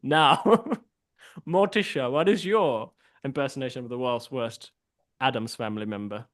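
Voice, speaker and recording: A man's voice: mid-range voice, measured pace. A man hosting an online improv game in a costume persona, playful and laughing, over a video call. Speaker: improv host.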